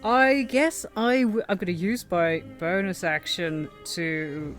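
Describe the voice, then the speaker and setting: Lady player at a tabletop game, talks real slow, jokey. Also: on the low side, soft background music. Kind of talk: casual tabletop play.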